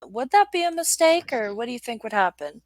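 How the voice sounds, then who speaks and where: A woman's voice: a little high, animated, brisk, no room sound, rough recording. A woman playing a tabletop game, talking in a casual, wry, blunt way. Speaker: player.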